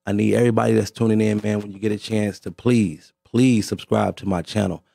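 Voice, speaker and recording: A man's voice: on the low side, fairly even intonation, brisk, vocal fry, mellow, no room sound, clean studio sound. A man hosting a radio show in a laid-back, slangy way, repeating himself and talking straight to his listeners. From Las Vegas. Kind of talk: casual radio show talk.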